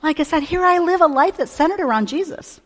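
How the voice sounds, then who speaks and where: A woman's voice: very high voice, fast talker. A woman teaching a church message in a candid, chatty way, with many fillers and asides. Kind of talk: sermon. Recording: long reverb of a hall.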